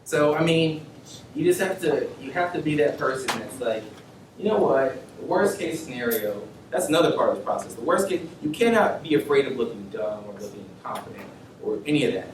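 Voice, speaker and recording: A young man, a medical student, giving an animated, informal workshop talk to students and acting out bits of dialogue. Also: mid-range voice, fairly quick. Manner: animated, laughing, acts out dialogue. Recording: echoey room, mic far off, faint noise.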